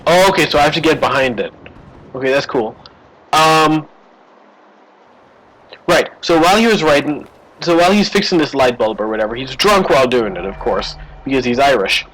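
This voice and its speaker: A man's voice: mid-range voice, expressive, moderate pace, long pauses, a bit bright, slight background noise, rough recording. A man streaming a game live, chatting and rambling through a story between moves. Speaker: gaming streamer. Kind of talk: live gameplay commentary.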